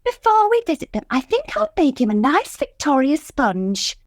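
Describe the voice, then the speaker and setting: An excitable, fussy middle-aged wife in a radio sitcom. Her high voice bounces all over the place, recorded close and dry. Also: moderate pace, no room sound. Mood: fussing.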